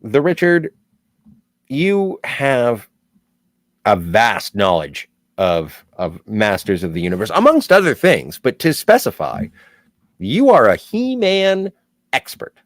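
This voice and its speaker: A man's voice: medium pitch, huge pitch swings, slow pace, no room sound. A man from Southern Ontario hosting a casual livestream, reading viewer chat aloud with playful jokey asides. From Southern Ontario, Canada.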